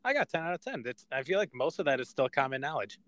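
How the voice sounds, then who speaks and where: A man's voice: on the high side, very animated, quick pace, fairly bright tone, no echo. A young man co-hosting a podcast, chatting casually, swearing often and laughing at himself. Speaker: podcast co-host. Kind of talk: casual chat.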